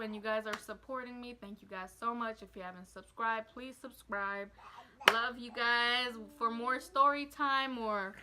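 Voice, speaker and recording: A young woman, a new mother, telling a casual, heartfelt story time to her viewers and rambling with lots of fillers. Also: a little high. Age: young adult.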